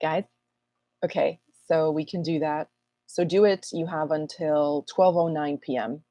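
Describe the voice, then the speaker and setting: A woman astrologer hosting a casual live Q&A, chatty and rambling with self-mocking asides, her voice a little husky this morning. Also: low-pitched, fairly even intonation, measured pace, mellow, dry recording. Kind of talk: casual livestream chat.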